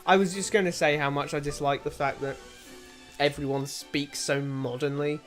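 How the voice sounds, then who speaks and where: A man's voice: a little high, level tone, normal speed. A man co-hosting casual video game commentary, with a wry, critical tone and frequent hesitant restarts. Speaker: co-host. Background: game music.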